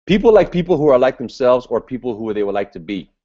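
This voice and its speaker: Loud, fired-up man giving seminar. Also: mid-range voice, big pitch swings, quick pace. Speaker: business seminar presenter. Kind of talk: motivational training talk. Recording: dull lo-fi recording.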